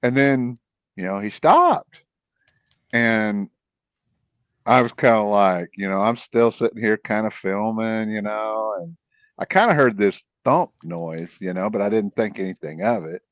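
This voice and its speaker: A man, a podcast guest, telling a field story in a rambling, animated way with many restarts. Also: fairly low pitch, measured pace, no echo. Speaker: podcast guest, cryptid investigator. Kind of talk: casual storytelling. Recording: dull, dry, lo-fi sound.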